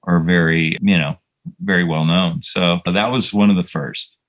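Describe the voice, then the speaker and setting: Low-voiced man telling rambling stories. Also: steady tone, normal speed, fairly bright tone, low-quality recording. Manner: reflective, rambling storyteller with many fillers. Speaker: composer guest. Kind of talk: casual interview chat.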